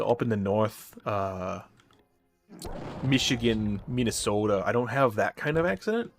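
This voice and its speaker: A man's voice: lowish voice, expressive, unhurried, a little hiss or hum. A man from the Chicago area with a general Midwestern American accent, chatting in a rambling way while he streams a game and answers chat. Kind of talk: casual chat while gaming. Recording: faint music behind.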